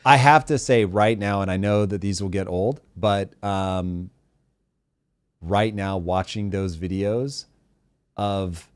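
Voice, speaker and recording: A man with a low voice hosts a live talk show in casual, animated chat. He swears freely and draws out words for emphasis. His voice sounds close and dry, with no room echo. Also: takes it slowly, clean tone. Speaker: show host.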